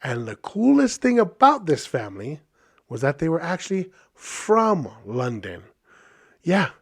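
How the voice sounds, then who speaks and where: A man from Hawaii in his thirties, a podcast host telling a casual story in a chatty, animated way with many fillers. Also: on the high side, measured pace, gravelly, breathy edge.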